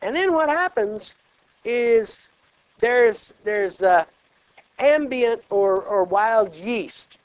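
A man's voice: high-pitched, drawn-out words, clean tone, dry recording, highs cut off. A man from Kansas preaching a sermon, often checking in with his listeners through rhetorical questions. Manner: animated, peppered with rhetorical check-ins.

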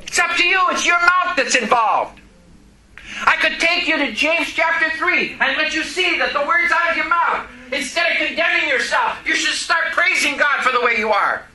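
Preacher, male, very high and piercing voice, emphatic, quizzes the congregation. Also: moderate pace, a little hiss or hum, rough recording. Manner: emphatic, questions the congregation, rises to shouting. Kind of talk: sermon. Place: church service.

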